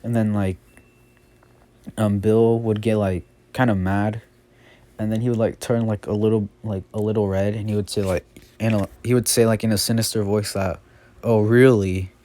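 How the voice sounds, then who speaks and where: Man telling a casual story, low, mellow, rambling with many fillers. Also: little pitch movement, moderate pace. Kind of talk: casual fan story narration.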